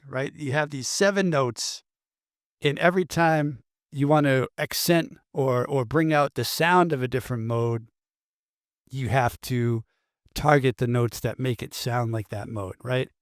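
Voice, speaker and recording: A man giving a relaxed, chatty guitar lesson, full of fillers and quick asides. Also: mid-range voice, no echo, clean studio sound. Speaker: guitar teacher.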